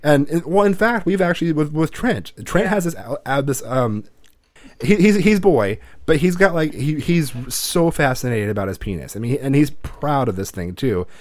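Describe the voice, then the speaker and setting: A man's voice: fairly high pitch, lively intonation, moderate pace, no echo. A man in his thirties hosting a podcast, talking bluntly and profanely in casual chat, rambling with restarts. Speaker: podcast host.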